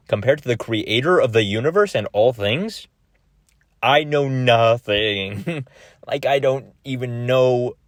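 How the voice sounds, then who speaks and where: A man's voice: on the low side, no room sound. A young man talking casually into a close microphone, rambling with slang and laughing often. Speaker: vlogger. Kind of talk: casual personal chat.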